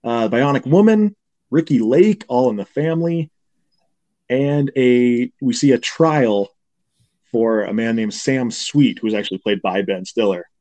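A man co-hosting a podcast, casually recapping a film scene by scene and slipping into quick character impressions. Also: mid-range voice, warm tone. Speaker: podcast co-host. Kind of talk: casual movie recap chat.

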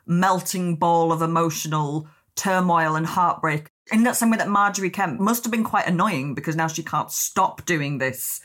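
A woman hosting a podcast, talking in a chatty, lively way with lots of "like". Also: on the low side, normal speed, few pauses. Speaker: podcast host. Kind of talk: podcast conversation.

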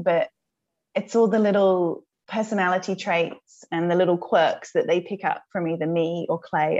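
An English woman talks casually with plenty of "you know" and "like". Her voice is fairly low, with some vocal fry. The recording sounds muffled and lo-fi. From England. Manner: chatty and warm, with fillers like "you know" and "like". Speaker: podcast guest, mother of two young boys. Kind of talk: casual conversation.

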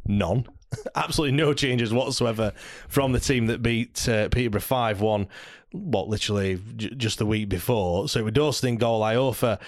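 A man's voice: mid-range voice, moderate pace, few pauses, no room sound, clean studio sound. A man hosting a football podcast, leading the casual chat and swearing freely. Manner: leads the talk, lively and swearing. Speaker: podcast host.

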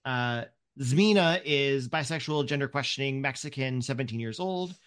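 A man's voice: medium pitch, normal speed, clear, resonant tone. A man running a tabletop role-playing game, narrating scenes with lots of ums and likes. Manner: relaxed, filler-heavy narration. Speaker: game master.

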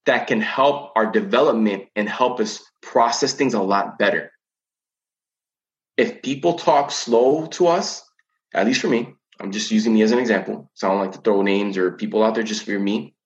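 A man's voice: on the low side, normal speed, muffled recording. A man talking about coping with anxiety as a teen coach in a casual podcast chat, earnest and often repeating words while he thinks.

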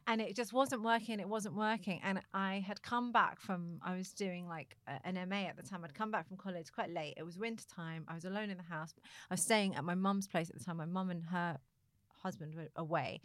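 A woman's voice: lowish voice, fairly quick, fairly bright tone, dry recording, studio quality. A young adult woman hosting a conversation, earnestly telling a personal story and laughing often. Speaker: podcast host.

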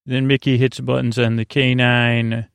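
A man sleepily recounting a story, halting with fillers and restarts and quoting the characters in his own voice. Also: medium pitch, flat delivery, gravelly, clean tone, no room sound. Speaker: podcast host retelling an episode. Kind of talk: sleepy rambling plot recap.

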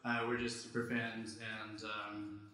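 A man's voice: lowish voice, monotone, measured pace, sharp tone. Casual man presenting in an echoey venue. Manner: casual, fillers, joking. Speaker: co-presenter at a live talk. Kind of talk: live conference presentation.

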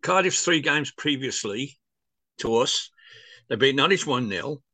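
Bright, dry-sounding man reciting football stats. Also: mid-range voice, expressive, dry recording. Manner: measured, agreeable, stat-quoting. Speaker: podcast panelist. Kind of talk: casual football chat.

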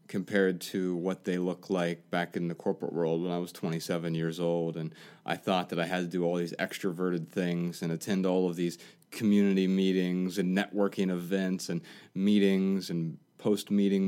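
A man co-hosting a podcast, giving advice in a thoughtful, measured, casual way. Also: low voice, a little mellow. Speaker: podcast co-host.

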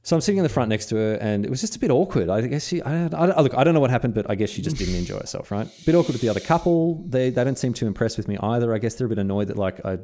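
A man's voice: medium pitch, lively intonation, rapid-fire, hardly any pauses, dark tone. An Australian man co-hosting a podcast, telling a rambling story in casual chat and acting out the dialogue. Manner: rambling, self-interrupting, acts out quoted dialogue. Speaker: podcast co-host.

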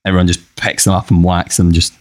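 A young man talks casually as a podcast guest, drifting through stories with lots of ums and restarts. His voice sits very low. The sound is close and dry. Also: little pitch movement, fast talker, no echo. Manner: rambling, hesitant, with many fillers. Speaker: musician guest. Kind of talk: casual chat.

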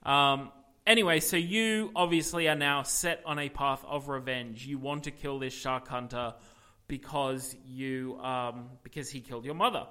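A man co-hosting a casual podcast, telling rambling, animated stories with plenty of fillers. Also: mid-range voice, normal speed, smooth. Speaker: podcast co-host. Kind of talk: casual chat about video games.

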